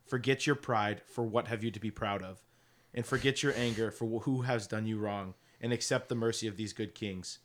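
A man reading aloud the lines of a great male lion, quiet, grave and measured. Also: on the low side, fairly even intonation, slight background noise, close to an everyday voice.

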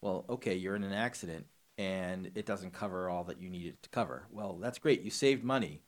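A man co-hosting a casual movie chat, talking in halting bursts with many restarts and a wry edge. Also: deep voice. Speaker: podcast co-host.

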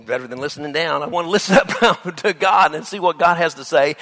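A man's voice: a little high, fast, hardly any pauses. A male pastor preaching a sermon, acting out Bible scenes with laughter and asides to the congregation. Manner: animated, acts out Bible dialogue with laughs.

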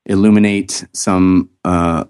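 An upbeat man with a somewhat low voice hosts a relaxed podcast. He talks in a loose, rambling way, stumbling over his words and restarting sentences in his excitement. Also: takes it slowly, smooth. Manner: enthusiastic, rambling with many restarts. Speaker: podcast host. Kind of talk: casual podcast chat.

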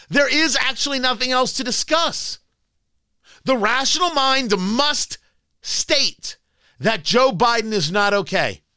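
Combative male talk radio host, sarcastic, bright and tense, close and dry. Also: very high-pitched, clean tone, no room sound. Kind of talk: political talk radio monologue. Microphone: studio microphone.

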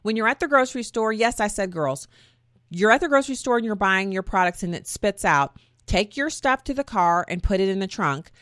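A woman's voice: mid-range voice, lively intonation, brisk, fairly bright tone, no echo, clean studio sound. A woman hosting her own talk show, chatty and folksy, often wandering off on tangents. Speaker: podcast host. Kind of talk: casual opinion talk.

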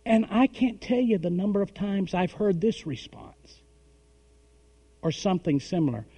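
A middle-aged man preaching a sermon, emphatic, with call-and-response and swings between loud and soft. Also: high-pitched, animated, moderate pace. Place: church hall. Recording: long hall reverb.

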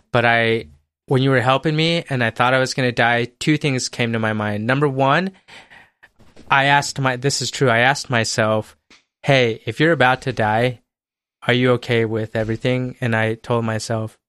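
A young man's smooth, resonant voice sits right up front with no room around it. He tells stories in casual, laid-back chat and swears freely. He sounds like a regular podcast co-host. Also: medium pitch, a bit bright, no room sound, studio quality.

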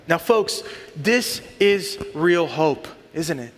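A man's voice: a little high, animated, takes it slowly. A man in his thirties or forties preaching a sermon, earnest and building to emphatic lists. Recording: long hall reverb.

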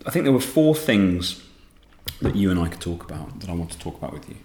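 Man, very low voice, sleepy, rambling, restarts sentences, echoey room. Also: sing-song, fast, a little mellow, slight background noise. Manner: rambling, self-deprecating, restarts often. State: sleep-deprived. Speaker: podcast co-host. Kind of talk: casual podcast chat.

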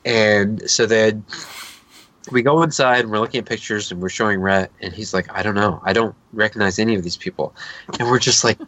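A man's voice: lowish voice, brisk, slight background noise. A man in his thirties co-hosting a podcast, telling a long, rambling anecdote in a casual chat. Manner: rambling, animated anecdote with laughs and quoted voices. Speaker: podcast co-host.

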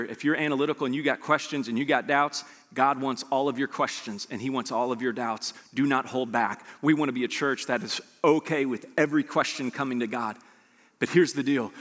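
A man preaching a sermon as pastor, animated and conversational with joking asides to his church. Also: medium pitch. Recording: long reverb of a large hall.

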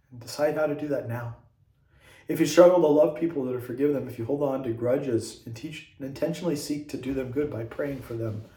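An earnest male priest delivers a homily straight to the viewer, urging and direct. His voice is dark and mellow, and it rings around an echoey room. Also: mid-range voice.

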